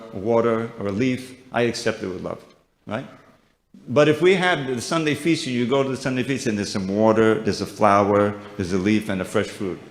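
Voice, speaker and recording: A man teaching a devotional seminar class in a conversational, joking manner with frequent restarts. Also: medium pitch. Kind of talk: informal devotional lecture. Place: temple hall with audience. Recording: echoey lecture hall.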